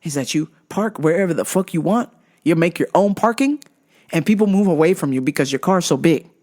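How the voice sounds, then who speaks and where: Host, woman; animated profane comedic storyteller with lively pitch. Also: fairly quick. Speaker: podcast host.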